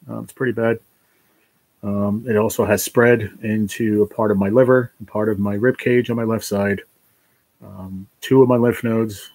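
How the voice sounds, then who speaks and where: A man's voice: lowish voice, darkish tone, no echo, low-quality recording. Emotional New man on a livestream. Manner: halting, emotional, tearful with joy. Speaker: livestream host.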